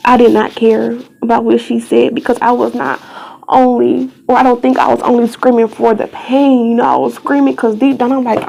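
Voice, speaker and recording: A woman's voice: a little high, little pitch movement, moderate pace, gravelly, warm tone, low-quality recording. A young woman vlogger giving an emotional personal testimony, earnest and pleading, tearful at times, sometimes dropping to a whisper.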